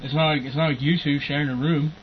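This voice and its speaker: A young man ranting profanely in a casual chat, rambling and breaking into angry shouting. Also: a little high, fairly even intonation, fast, a crowd in the background. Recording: muffled lo-fi recording with faint hiss.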